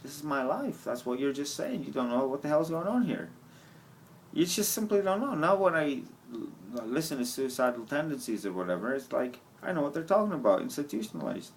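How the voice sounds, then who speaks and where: A man's voice: a little high, big pitch swings, a little fast, slight background noise, rough recording. A man at a bus stop, talking in a rambling, profane monologue broken by bursts of laughter. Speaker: vlogger.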